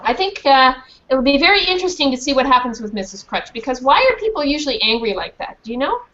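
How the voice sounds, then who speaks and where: Woman reading aloud to kids, fairly high, very animated delivery; muffled lo-fi audio with light hiss. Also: fast talker. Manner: animated, acts out voices in the story. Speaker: author reading to a class. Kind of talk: reading a storybook aloud to children. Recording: dull lo-fi call audio with faint hiss.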